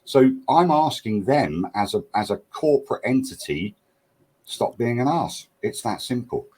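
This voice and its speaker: A man's voice: mid-range voice, sing-song, unhurried, darkish tone. An English-accented man, a panelist and plugin developer, talking bluntly and repeating his points for emphasis. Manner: blunt, restarts a lot, stresses points by repeating them. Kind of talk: heated round-table discussion.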